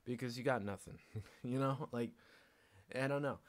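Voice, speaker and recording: A man speaks at a normal speed in a medium-pitched voice, streaming by himself in a casual ranting monologue. He's blunt, swears plenty, laughs often, and acts out both sides of conversations.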